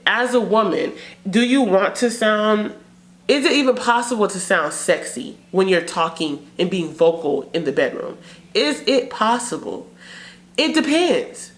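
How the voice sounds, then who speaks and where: Chatty woman giving frank advice. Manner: frank, chatty, drops into low sultry demo voices. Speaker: channel host. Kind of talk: casual advice talk to camera.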